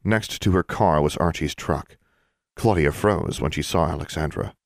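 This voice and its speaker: A man calmly narrating an audiobook in an even, measured way. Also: extremely low pitch, creaky, no room sound, clean studio sound. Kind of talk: scripted narration.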